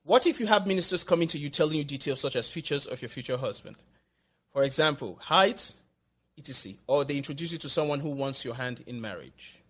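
A man reads out a question to the speaker, his voice a bit high and faint from a distance off-mic. He is plain and steady, like a moderator passing questions along. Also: brisk.

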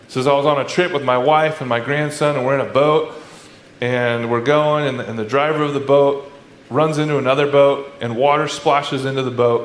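Animated male preacher in an echoey hall. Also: medium pitch, slight background noise. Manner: conversational, animated, with sarcastic asides. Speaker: pastor. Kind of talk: sermon. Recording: echoey room with faint ambience.

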